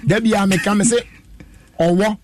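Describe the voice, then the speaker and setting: A man's voice: high voice, fairly even intonation, moderate pace, dry recording. A man, telling a long story in a casual chat and laughing often as he goes.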